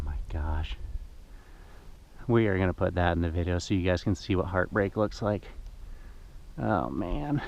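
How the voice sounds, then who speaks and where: A man's voice: fairly low pitch, dark tone, muffled recording, slight background noise. A man narrating his fishing trip to camera from a boat outdoors, chatty and emotional as he talks to his viewers. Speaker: fishing vlogger.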